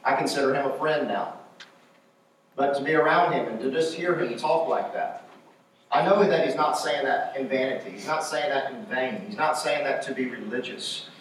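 A man's voice: mid-range voice, moderate pace, very echoey, distant mic, a little hiss or hum, rough recording. A man preaching a sermon with emphasis, repeating his key phrases.

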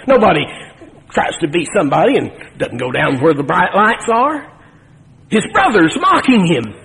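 A man preaching a sermon in a folksy, animated way, with asides to his congregation. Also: sits high, moderate pace, creaky. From Nevada. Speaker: pastor. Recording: long reverb of a church hall.

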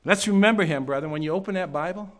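A man with a high-sitting voice preaches fast to a congregation in church. He poses many rhetorical questions and sometimes drops to a hush.

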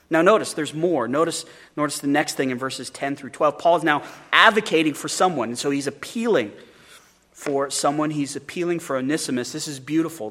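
A man's voice: mid-range voice, fairly bright tone. A male pastor preaching a sermon in an earnest way, often repeating words as he starts a phrase.

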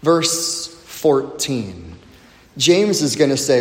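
A male pastor preaching a sermon, emphatic, with big swings in pitch and loudness. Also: big pitch swings, unhurried. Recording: echoey hall with long reverb.

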